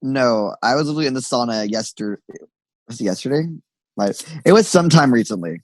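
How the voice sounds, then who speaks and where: A man's voice: medium pitch, a little fast, no echo, poor audio. Sassy, swearing young man telling stories. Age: young adult. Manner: animated storyteller, sassy quoted asides, swears freely. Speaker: podcast co-host. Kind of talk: casual chat.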